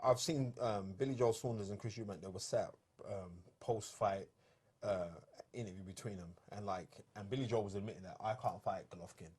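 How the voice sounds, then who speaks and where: A man talks boxing in a studio chat. His delivery is rapid and a little husky. He is emphatic and keeps restarting his sentences. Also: on the low side, a little mellow. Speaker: boxing pundit co-host.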